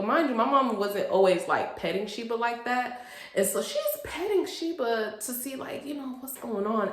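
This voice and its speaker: A woman in her late twenties from a Haitian family, telling a personal story in an animated, expressive storytime vlog. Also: mid-range voice. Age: late 20s. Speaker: vlogger. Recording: roomy echo.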